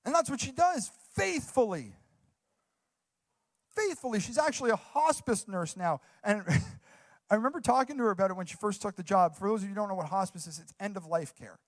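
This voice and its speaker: A man's voice: high voice, fast. A young man preaching a sermon as a youth pastor, earnest and enthusiastic, repeating phrases for emphasis.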